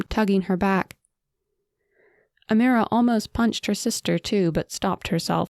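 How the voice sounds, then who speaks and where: A woman narrating a fantasy audiobook in a measured, dramatic storytelling manner. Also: fairly low pitch, fairly even intonation, a little mellow, dry recording, studio quality.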